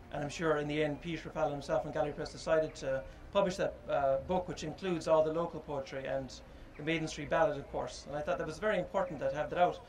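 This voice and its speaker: A man speaking at an unveiling, his voice sitting a little high. He talks informally and thoughtfully, pausing often and filling gaps with ums as he goes. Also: low-quality recording. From Ireland. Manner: halting and reflective, with many pauses and fillers. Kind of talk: informal public speech.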